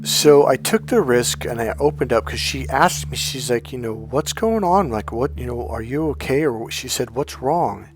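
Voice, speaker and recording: A man's voice: medium pitch, lively intonation, moderate pace, hardly any pauses. A middle-aged man coaching in a casual monologue, telling his own story in a candid, blunt way with frequent swearing.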